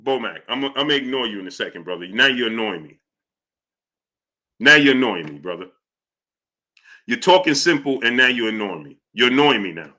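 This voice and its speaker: A man's voice: mid-range voice, animated, fairly quick, pauses often, bright, forceful tone. A middle-aged man hosting a live boxing talk stream, reading chat messages and repeating himself in exasperation. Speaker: boxing talk show host. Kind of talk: live-stream commentary reading super chats.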